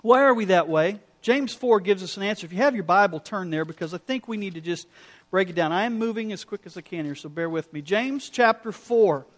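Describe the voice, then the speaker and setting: A middle-aged man preaching a sermon as pastor, telling stories and acting out quoted lines in an animated way. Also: high voice, brisk.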